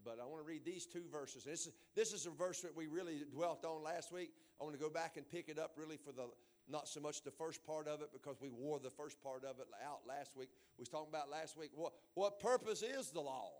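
A man, a pastor preaching a folksy Bible sermon and building to loud emphasis. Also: on the high side, steady tone, quick pace.

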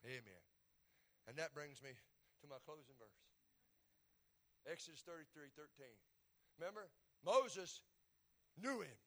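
A middle-aged man, preaching a folksy, joking sermon in a church and swinging from loud to soft. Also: fairly high pitch, expressive, a little slow, long pauses.

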